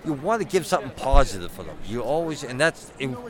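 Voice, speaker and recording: A middle-aged man talks casually in an outdoor street interview. He is self-deprecating and punny, and acts out what people say to him in a voice of middling pitch. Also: big pitch swings, fast talker, a crowd in the background. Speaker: Batman cosplayer.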